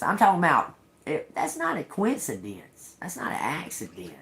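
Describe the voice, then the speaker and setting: A woman's voice: fairly low pitch, huge pitch swings, moderate pace. A middle-aged woman on a livestream, angrily telling a personal story with lots of cursing. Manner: agitated, profane ranting. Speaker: livestream host. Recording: roomy echo.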